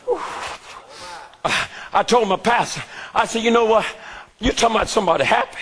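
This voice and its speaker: A man preaching a sermon who shouts often and calls out to the congregation for response. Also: sits high, animated, a little fast.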